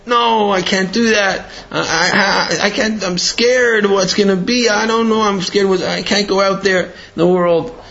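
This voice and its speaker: A man's voice: high voice, fairly even intonation, a little slow, creaky, pushed and bright, voice pushed up, heavily acted. A man doing a timid, stammering lion cub. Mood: pleading, scared. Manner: whiny, stammering pleas. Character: young male lion cub, timid and fearful. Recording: dull lo-fi recording.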